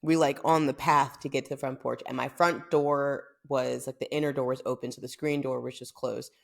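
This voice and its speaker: A young woman from the United States tells a story on her podcast in a chatty, animated way. Her voice sits low and has plenty of gravelly vocal fry. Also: brisk. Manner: chatty, animated, lots of fillers. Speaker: podcast host. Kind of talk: casual storytelling.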